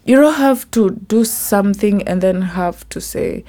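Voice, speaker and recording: A young Kenyan woman with a Kimeru accent, hosting a casual solo podcast and mixing English with Swahili, sometimes dropping to a soft whisper. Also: medium pitch, expressive, unhurried, hardly any pauses. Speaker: podcast host.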